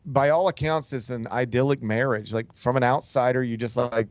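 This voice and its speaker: A man's voice: mid-range voice, steady tone, moderate pace, hardly any pauses, dry recording, dull audio. A male talk show host telling a story in a casual, rambling way, with many fillers and restarts. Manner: loose, rambling delivery full of "like" and "um", with frequent restarts. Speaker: sports radio host.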